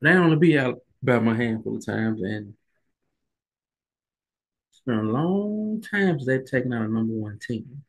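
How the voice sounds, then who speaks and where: A man's voice: mid-range voice, normal speed, long pauses, husky. A man giving a casual, emphatic opinion monologue on college football, repeating himself for emphasis and getting heated. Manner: emphatic, repetitive, colloquial, rising to heated emphasis. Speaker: sports commentary vlogger.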